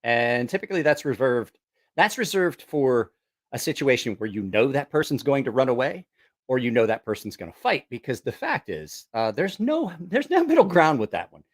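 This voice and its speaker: A man's voice: medium pitch, very animated, normal speed. A middle-aged man chatting casually on a vlog, rambling and swearing while he makes fun of himself as he tests gear. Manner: rambling, profane, self-mocking. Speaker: musician testing a voice effects box.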